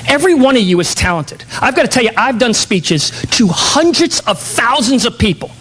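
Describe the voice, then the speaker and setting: High-pitched man giving a keynote. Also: sing-song, moderate pace, a bit bright, slightly rough, low-quality recording. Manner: emphatic, rhetorical questions. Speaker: keynote speaker. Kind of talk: motivational keynote speech. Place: conference hall.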